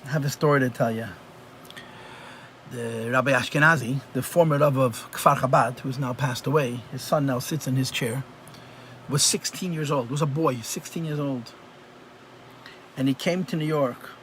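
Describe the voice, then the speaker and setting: A man's voice: mid-range voice, normal speed, fairly bright tone, a little hiss or hum. A man teaching a live online class as a rabbi, talking conversationally and repeating phrases for emphasis. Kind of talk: live online Chassidus lesson. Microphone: computer mic on a video call.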